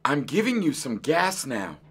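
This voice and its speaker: A man's voice: on the high side, very animated, measured pace, husky, pitched above the performer's own voice, heavily acted. A man voicing a small, brave male mouse dentist who speaks firmly and carefully. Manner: firm, careful.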